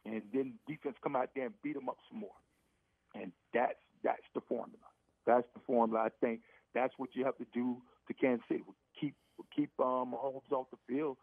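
Calling in to a sports radio show, a middle-aged former NFL receiver talks casually, emphatic and repetitive, restarting phrases as he goes. His medium-pitched, gravelly voice is steady in tone and fairly quick, heard over a tinny phone line with completely dry sound.

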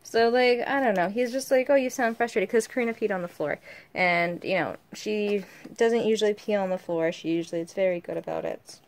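A woman's voice: mid-range voice, brisk. A young woman filming at home as a mother, chatting casually and venting, quoting her partner in mock voices. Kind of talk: casual home vlog chat. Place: home, indoors.

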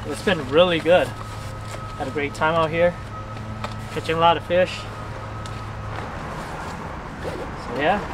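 Excitable fishing vlogger in the wind. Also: male voice, on the high side. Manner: chatty, excitable, talks to viewers. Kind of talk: casual outdoor vlog. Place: outdoors by the water at night in wind. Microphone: camera mic covered against wind. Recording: outdoor mic with loud wind noise.

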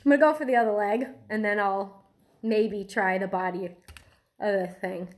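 A woman speaks at a moderate pace in a mid-range voice while sampling a strange food for her vlog camera. She's nervous and giggly, laughing her way through the fear, in a casual food-tasting video.

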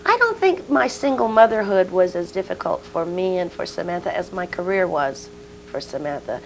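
A woman's voice: fairly low pitch, lively intonation, moderate pace, gravelly, slight background noise, poor audio. A woman in her sixties, a guest in an interview, telling personal stories and acting out the dialogue. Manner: storytelling, acts out quoted dialogue. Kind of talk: casual interview chat.

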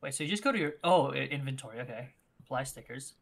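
A man's voice: mid-range voice, animated, quick pace, creaky, a bit bright. A man streaming a video game, chatting casually and loosely with friends and laughing easily. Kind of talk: casual gaming chat.

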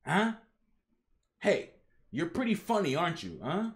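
A young man reads comic panels aloud on a live reaction stream, breaking in with slangy comments. His voice sits high and swings widely in pitch. He takes his time over the lines. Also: wildly swooping pitch, measured pace, long pauses. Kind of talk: reading a webtoon aloud with reactions.

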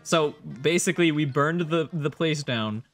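A man's voice: fairly high pitch, moderate pace, fairly bright tone, soft background music. A man casually commenting on a game stream, joking and laughing as he reads the lines out. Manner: jokey, laughs often, reads game lines aloud in silly voices.

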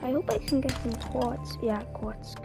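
A young woman giving casual, chatty commentary as she plays a game, with quick excited exclamations. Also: sits high. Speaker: gamer. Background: game music.

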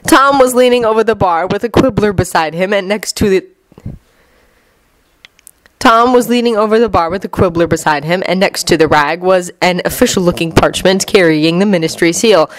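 A woman's voice: medium pitch, normal speed, dry recording. A woman reading fanfiction aloud as an audiobook, sometimes restarting lines. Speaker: fanfiction reader. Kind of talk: audiobook narration.

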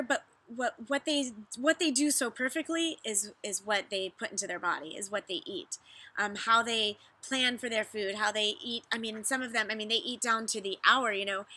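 A woman's voice: fairly high pitch, sharp tone. A woman fitness vlogger chatting casually to her viewers, talking in loose bursts with restarts and reading their messages aloud. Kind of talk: casual chat to camera.

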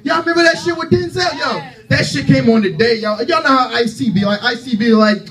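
A man in his thirties doing a loud, brash, profane stand-up set to a club crowd. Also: very high voice, fairly quick, distant mic. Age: 30s. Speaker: stand-up comedian. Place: comedy club stage.

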